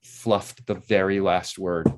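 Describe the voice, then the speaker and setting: A man in his sixties with a lowish voice talks through behind-the-scenes stories as an interview guest. He wanders from thought to thought, restarting sentences as memories come back to him. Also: takes it slowly, a little hiss or hum. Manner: rambling, animated anecdotes full of restarts and acted-out quotes. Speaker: interview guest, actor and playwright. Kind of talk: anecdotal interview storytelling.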